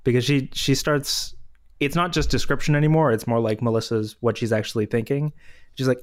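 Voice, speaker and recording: A man's voice: medium pitch, a little fast. A young man co-hosting a casual chat, playfully reading passages aloud and laughing often.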